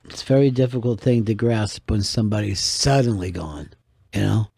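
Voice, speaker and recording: A male radio talk show host who also does stand-up spins wry, meandering anecdotes in a relaxed way. His voice is lowish, warm and husky, with some vocal fry. The sound is studio quality with no echo.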